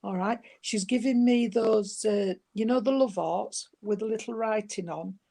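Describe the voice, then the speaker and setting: Gentle chatty woman medium. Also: mid-range voice, unhurried, creaky. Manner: gentle, chatty, full of endearments like sweetheart and darling. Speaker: spiritualist medium. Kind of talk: giving a spirit reading.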